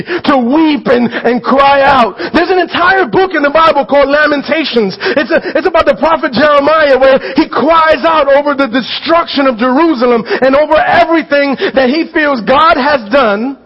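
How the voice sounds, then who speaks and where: A male pastor with a very high voice preaches in an earnest, conversational way, checking in with the congregation and repeating phrases as he builds to shouted pleas. The recording sounds slightly dull and lo-fi. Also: normal speed, hardly any pauses. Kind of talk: sermon.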